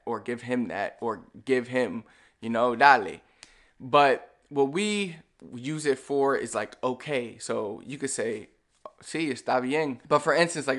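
A young man giving a casual video lesson as a Spanish teacher, talking to the viewer in a relaxed, chatty way. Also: medium pitch. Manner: relaxed and chatty, with frequent fillers and "all right"; speaks to the viewer directly, explaining step by step.

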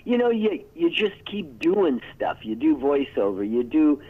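A man's voice: on the high side, big pitch swings, measured pace, breathy edge. A man in his sixties, a guest in a casual interview, telling stories in a rambling way that keeps breaking off and restarting. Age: 60s. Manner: rambling, self-interrupting storyteller. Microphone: telephone. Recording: tinny phone line.

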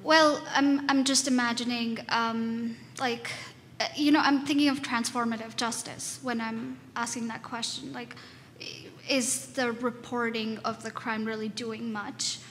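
Female audience member, flat and halting, asking a question in an echoing hall. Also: a little high, a little hiss or hum. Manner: hesitant, many fillers. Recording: reverberant hall with faint ambience.

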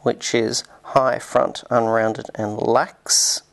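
Guy reading out a linguistics lesson, steady and explanatory, bit of vocal fry. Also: mid-range voice. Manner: measured, explanatory. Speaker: linguistics lecturer. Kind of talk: scripted lecture narration.

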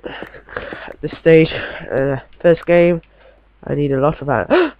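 A man's voice: on the high side, slow, long pauses, highs cut off. A young man giving casual, chatty commentary while playing a game, talking to himself in a slightly posh way. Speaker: gamer.

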